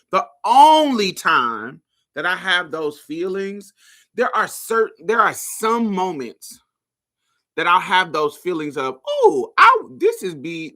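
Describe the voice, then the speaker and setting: A woman from Indiana hosting a podcast, telling personal stories in a casual, profane, animated way and laughing often. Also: lowish voice. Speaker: podcast host. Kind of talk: casual storytelling monologue.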